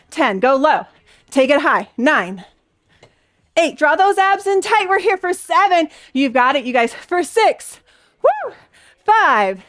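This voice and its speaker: A woman's voice: high-pitched, a bit bright, no room sound. A young adult woman leading a Pilates class, cheering and counting reps, a bit out of breath. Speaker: Pilates instructor. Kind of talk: workout class instruction.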